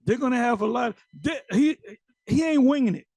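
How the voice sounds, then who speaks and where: A man's voice: very high voice, animated, moderate pace, darkish tone, husky, dry recording. A man giving blunt, mocking commentary as he reacts to online videos. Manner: mocking, blunt, swears freely.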